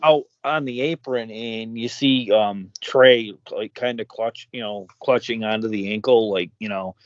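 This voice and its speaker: A man co-hosting a podcast, talking casually in a halting way, full of "like" and "you know.". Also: fairly low pitch, dry recording. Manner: halting, filler-heavy, lots of "like" and "you know". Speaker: podcast co-host. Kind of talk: casual review chat. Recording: dry, dull lo-fi sound.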